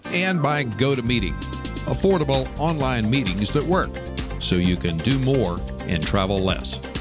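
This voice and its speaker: A man reading scripted sponsor messages in a smooth, even announcer delivery. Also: mid-range voice, measured pace. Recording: voice over loud music bed.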